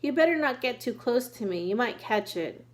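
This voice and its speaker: A woman voicing a tiny, polite mouse boy who is earnest and caring, in a bright, raised voice. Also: fairly high pitch, lively intonation, moderate pace, natural voice.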